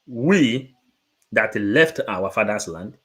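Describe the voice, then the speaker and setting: A man's voice: fairly low pitch, expressive, slow. A man preaching to supporters, emphatic and repetitive, moving between English and Igbo. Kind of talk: impassioned preaching.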